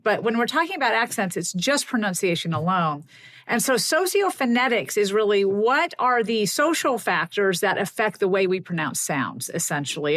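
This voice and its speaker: A middle-aged woman speaks as an invited linguist on a podcast. She explains her points in an animated, engaged way and laughs easily along the way. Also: mid-range voice. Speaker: guest linguist and author.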